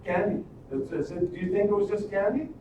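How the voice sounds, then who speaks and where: High-voiced man talking in an echoey room. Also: brisk, dull audio. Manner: animated, rambling, with frequent restarts and rhetorical questions. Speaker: live stream host. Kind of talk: casual storytelling and motivational talk. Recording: echoey room, distant mic, noisy.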